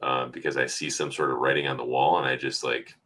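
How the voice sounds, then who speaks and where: Co-host: man with a very deep voice and a bright, forceful tone, easygoing and wry. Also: level tone, fast talker. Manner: easygoing, reflective, wry humor. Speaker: podcast co-host. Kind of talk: casual podcast chat.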